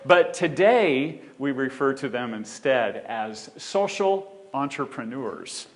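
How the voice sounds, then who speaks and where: A man's voice: medium pitch, slow pace. A man giving a conference talk on a theater stage, joking with the audience and walking as he speaks. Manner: joking, animated, walks while speaking.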